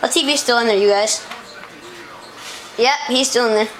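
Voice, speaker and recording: A woman's voice: a little high, normal speed, a bit bright. A woman chatting and rambling in a casual home vlog while playing with her pets. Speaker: vlogger. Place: at home indoors. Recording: noisy home camcorder audio.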